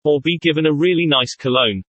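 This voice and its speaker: A man's voice: fairly high pitch, brisk, fairly bright tone, dry recording. A man reading in a put-on posh British accent, stiff and formal. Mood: mock posh.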